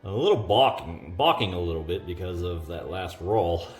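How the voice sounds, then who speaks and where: A man with a fairly low voice talks through a board wargame turn on his own, tallying modifiers aloud and pausing on "uh"s. His voice rings around an echoey room, with faint music in the background. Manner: thinking aloud, counting up modifiers with many "uh"s. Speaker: host of a board wargame playthrough. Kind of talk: solo tabletop game commentary.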